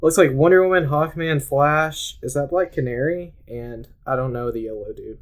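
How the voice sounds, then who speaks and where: A man's voice: a little high, moderate pace. A man hosting a casual podcast chat, laid-back and laughing often as he talks things over. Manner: laid-back, laughs often, reads aloud from search results. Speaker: podcast host.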